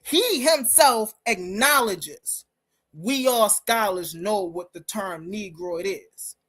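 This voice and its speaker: A woman's voice: mid-range voice, a bit bright. A woman hosting a live-stream commentary, talking in an emphatic, combative way and speaking straight to her listeners. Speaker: host.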